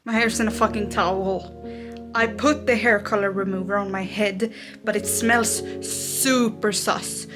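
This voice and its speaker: A woman's voice: medium pitch, steady tone, unhurried. A young adult woman vlogging casually in a blunt, ranting way, swearing constantly. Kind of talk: casual vlog talk. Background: background music.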